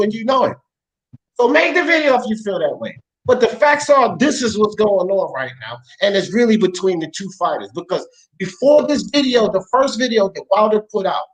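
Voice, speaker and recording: A high-voiced man hosts a sports talk show on a podcast mic, and the recording quality is low. His style is blunt and argumentative, packed with profanity and street slang in a heated debate.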